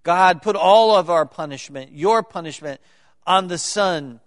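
A male pastor preaching a sermon, swinging between loud emphatic declarations and quiet joking asides to the congregation. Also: high-pitched, a little slow. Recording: long reverb of a large hall.

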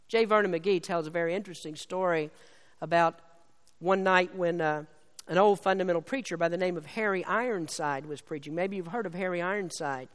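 Preacher in a reverberant church hall. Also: male voice, fairly bright tone, clean tone. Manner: slows and lifts his voice on key lines of scripture, then drops low. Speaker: pastor. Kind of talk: sermon.

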